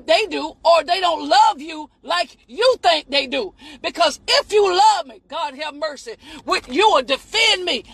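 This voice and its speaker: High, gravelly-voiced fervent woman preacher. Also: dry recording, low-quality recording. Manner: shouts and cries out with fervent exclamations. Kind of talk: impassioned preached sermon.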